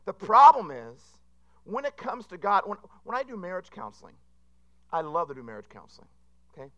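A man's voice: high-pitched, sing-song, a little fast, fairly bright tone. A man preaching a sermon, telling rambling, self-deprecating jokes to a congregation. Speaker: pastor. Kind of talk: humorous sermon.

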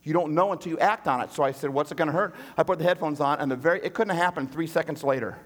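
A man preaching from the pulpit, telling his story with animated swings between hushed, slow quoted lines and raised pleading. His voice sits fairly high for a man. The sound carries a long reverb, as in a large hall. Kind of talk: sermon storytelling.

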